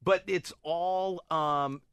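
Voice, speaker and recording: A man in casual chat who asks quick questions and gives short replies. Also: a little high, steady tone, a bit bright, smooth, dry recording, clean studio sound.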